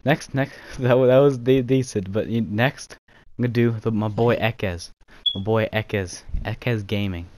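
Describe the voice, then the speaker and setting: Giggly self-mocking young gaming host. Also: male voice, fairly low pitch, moderate pace, few pauses, darkish tone, a little hiss or hum. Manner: giggly, self-mocking, says "you know" often. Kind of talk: casual gaming chat with impressions.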